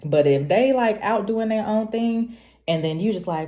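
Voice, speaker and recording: A young woman, talking to camera in a casual, preachy, animated way and laughing often. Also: normal speed. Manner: animated, preachy, laughs often, jumps high when quoting herself. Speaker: vlogger. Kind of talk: casual confessional talk to camera.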